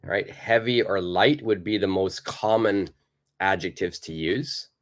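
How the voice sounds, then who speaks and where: A man teaching an English grammar lesson in a live online class, explaining slowly and patiently, repeating key points and answering viewer questions. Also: low voice.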